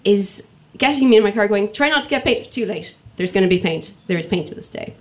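A woman telling a funny personal story to an audience, lively and acting out the voices of people in it. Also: medium pitch, fairly quick. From Ireland. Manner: lively comic delivery, acts out quoted voices.

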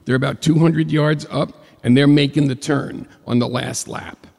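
A man voicing a calm male race-car spotter who gives steady directions. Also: on the high side, moderate pace, creaky. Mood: coaching. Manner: steady, coaching instructions. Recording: long hall reverb.

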